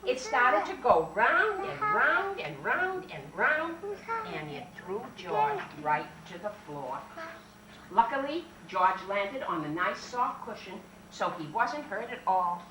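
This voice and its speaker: A woman reading a picture book aloud to children in a library, lively and animated, coaxing the little ones along. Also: medium pitch, takes it slowly, noisy background. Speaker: children's storyteller and French teacher. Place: library story-hour room. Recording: roomy 1970s library tape, mic far off.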